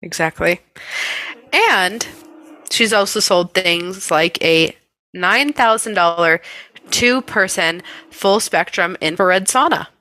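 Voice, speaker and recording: A woman's voice: fairly low pitch, slow, bright, forceful tone, dry recording. A woman co-hosting a podcast in casual chat, sarcastic and laughing often as she lays out the details. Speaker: podcast co-host.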